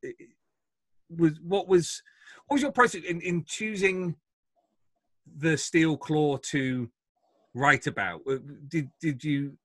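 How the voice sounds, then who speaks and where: A man's voice: fairly high pitch, slow pace, long pauses, pushed and bright, no echo. A man hosting a podcast who asks his questions hesitantly and often stumbles over them. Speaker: podcast host. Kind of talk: interview questions.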